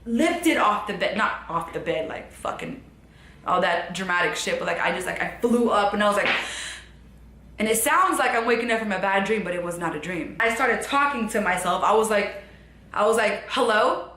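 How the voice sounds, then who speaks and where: Bright-voiced young woman telling a story. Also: medium pitch, moderate pace, roomy sound. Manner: rambling, filler-heavy, shifts from hushed to animated. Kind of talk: casual storytelling to camera. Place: her apartment.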